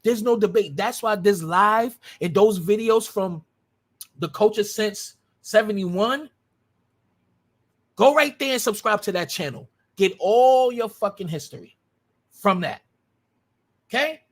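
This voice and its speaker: A man's voice: high voice, animated, unhurried, long pauses. Man, livestream host, heated commentary, combative, profane, keeps repeating himself. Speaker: live stream host.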